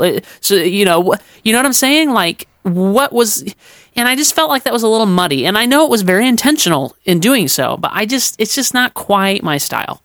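A man's voice: high-pitched, lively intonation, normal speed, a bit bright, dry recording, studio quality. Stammering, candid podcast co-host man. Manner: stammers and restarts, candid opinions. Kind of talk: casual movie review discussion.

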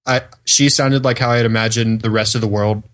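A man's voice: on the low side, fairly even intonation, fairly quick, a bit bright. Hesitant man co-hosting a podcast. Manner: hesitant, laughs between remarks. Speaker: podcast co-host. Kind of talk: casual movie review chat.

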